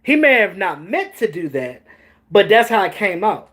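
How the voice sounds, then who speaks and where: Animated man, raised voice. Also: high-pitched, moderate pace. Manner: animated, joking and swearing, reacting to chat. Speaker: host. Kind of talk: casual sports talk stream.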